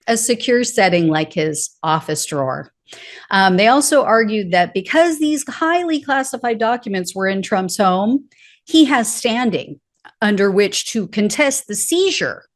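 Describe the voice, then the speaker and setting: A woman hosting her own political commentary show, talking in a sarcastic, mocking, animated way. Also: mid-range voice.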